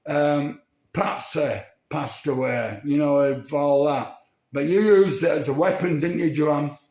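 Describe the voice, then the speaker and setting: Accusing man, echoey room. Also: a little high. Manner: rambling and accusatory, with repeated tag questions. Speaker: vlogger. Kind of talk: addressing someone directly to camera.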